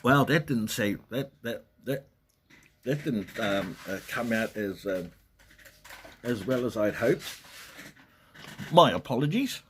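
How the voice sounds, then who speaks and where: A man's voice: medium pitch, expressive, slow pace, long pauses, a little hiss or hum. A man hosting a casual livestream, chatting in a rambling way and greeting viewers by name. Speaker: livestream host. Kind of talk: casual live chat. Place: at home in Western Australia.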